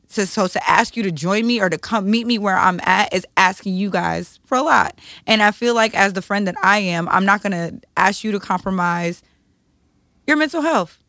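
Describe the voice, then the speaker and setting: A woman's voice: medium pitch, a bit bright, no echo. A woman in her thirties co-hosting a podcast, talking candidly in a blunt, profane, emotional way. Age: 30s. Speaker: podcast co-host.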